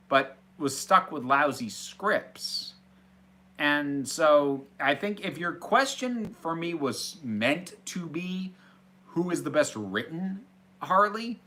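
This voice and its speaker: A man's voice: medium pitch, pushed and bright. A man hosting a casual Q&A, reading out viewer questions from a small office and answering them in a chatty, hesitant way with restarts. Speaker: host.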